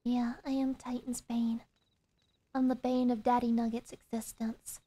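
A playful, sarcastic young woman streamer with a fairly high voice. She chats casually over her game and sometimes drops into a hushed whisper. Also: level tone, a little slow. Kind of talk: casual gameplay commentary.

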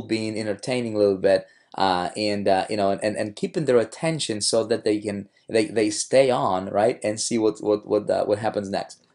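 A marketing coach with a hoarse, fairly low and darkish voice talks casually about his own videos. He rambles, filling gaps and restarting sentences often.

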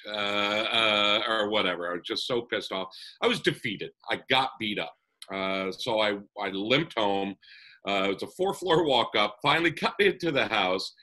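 A man's voice: on the low side, lively intonation, normal speed, bright, forceful tone, low-quality recording. A man casually telling a personal story as a podcast guest, full of "uh" fillers and little chuckles. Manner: rambling with many "uh" fillers and chuckles.

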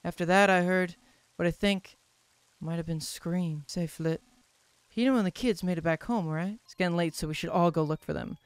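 A man voicing a worried grown villager in a game who speaks in a low, measured, somber way. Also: smooth, no echo.

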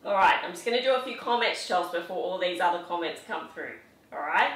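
A woman's voice: on the low side, expressive, fast talker, a bit bright. A woman, a fitness instructor, coaching a live workout in an upbeat, encouraging way and counting out reps in her home studio. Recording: echoey room, mic at a distance.

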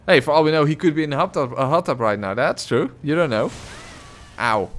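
A man whose first language is Dutch, streaming a game live, reading chat and reacting loudly with jokes. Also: on the high side, a little fast, a little hiss or hum.

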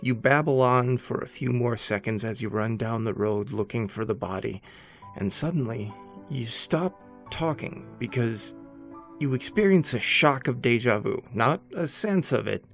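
A man hosting and narrating a horror story in a measured, scripted second-person voice. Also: mid-range voice, lively intonation. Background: faint background music.

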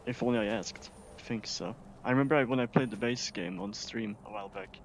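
A man from Sweden giving casual, excitable gameplay commentary as a streamer, swearing often. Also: mid-range voice, fairly quick, a little hiss or hum. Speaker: gaming streamer.

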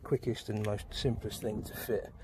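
A UK vlogger with a lowish voice and little pitch movement talks at a normal pace while demonstrating a phone-mount install beside a motorbike outside. His how-to is casual and full of ums and fillers, and heavy background noise runs throughout.

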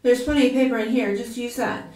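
A woman's voice: a little high, steady tone, quick pace, a little mellow, lightly acted. A woman reading aloud, voicing a blunt, dismissive young woman. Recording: roomy, from a distance.

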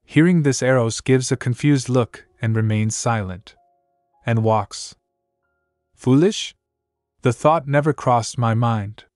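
A man's voice: mid-range voice, unhurried, a little mellow, no echo. A man reading a story recap as narrator, voicing every character's lines in the same plain tone, recorded dry as a voice-over with light music behind.

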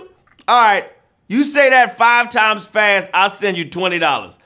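A man hosting a live trivia game show, playful and joking, with loud whoops. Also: high-pitched, a little fast.

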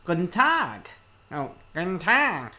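A man's voice: sits high, huge pitch swings, takes it slowly, bright, forceful tone, pitched above the performer's own voice, exaggerated voice. A man putting on a nasal sing-song smoker woman. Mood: mock-sweet. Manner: sing-song, mock-polite.

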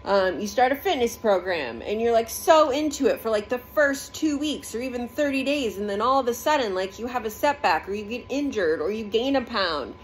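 A woman's voice: fairly high pitch, animated, moderate pace, slight background noise. A woman talking in a casual faith vlog, rambling conversationally with lots of fillers, filmed on a phone in her bathroom. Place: home bathroom.

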